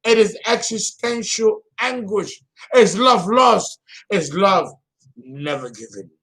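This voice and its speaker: Here a man speaks as an astrologer in a relaxed vlog, animated and slow-paced. He's dramatic and full of feeling, veering from booming bursts down to soft murmurs.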